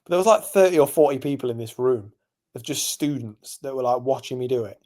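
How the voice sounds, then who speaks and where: A man's voice: mid-range voice, expressive, fairly quick, warm tone. A young man from England, co-hosting a podcast, telling a long story in casual chat with lots of ums and asides. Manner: rambling storyteller, many fillers. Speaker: podcast co-host.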